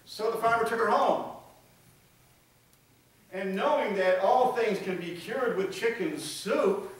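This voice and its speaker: A man preaching a sermon, telling a folksy story and dropping to a hush for emphasis. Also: high voice, takes it slowly, a little hiss or hum. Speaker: pastor. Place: church sanctuary. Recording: echoey church from far off.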